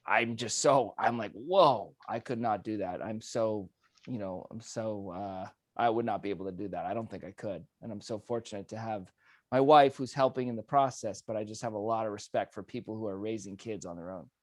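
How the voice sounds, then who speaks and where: A man's voice: lowish voice, brisk, no echo. Earnest man talking on a dry video call. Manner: earnest, with fillers. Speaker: speech contest contestant. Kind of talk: casual interview answers.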